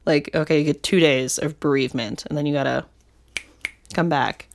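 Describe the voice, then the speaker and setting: A woman's voice: low-pitched, steady tone, moderate pace, gravelly, slight background noise. A young adult woman co-hosting a podcast, talking candidly and emotionally in casual chat with lots of fillers. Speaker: podcast co-host.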